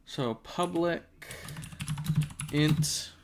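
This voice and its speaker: A man's voice: fairly high pitch, extremely slow, noisy background. A man hosting a casual coding livestream, thinking aloud step by step while typing at his desk. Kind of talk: casual live coding narration. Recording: audible keyboard typing behind.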